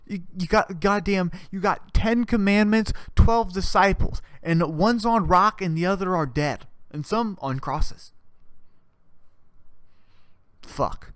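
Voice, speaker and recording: A man's voice: high voice, unhurried, few pauses, clear, resonant tone, no room sound. A young man hosting a comedy podcast, delivering a sarcastic, profane rant with mock-preaching bursts. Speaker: podcast host.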